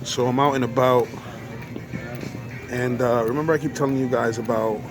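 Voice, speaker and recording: A man's voice: medium pitch, steady tone, moderate pace, over music. A man filming a casual vlog on his phone inside a grocery store, talking informally straight to his viewers. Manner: informal, addresses viewers directly. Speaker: vlogger.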